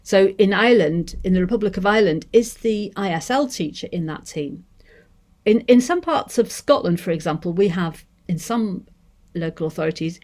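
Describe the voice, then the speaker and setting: Measured Mancunian woman lecturing. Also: fairly low pitch, darkish tone. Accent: English, Manchester. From Manchester, England. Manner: measured, thoughtful, with restarts and hedges. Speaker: lecturer on deaf education. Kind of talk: academic seminar talk.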